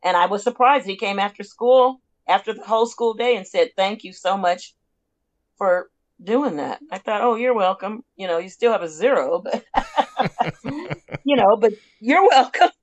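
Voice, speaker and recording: Casting note: woman in her sixties, longtime teacher, reflective and self-deprecating, mid-pitched voice, laughs easily. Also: normal speed. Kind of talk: casual conversation.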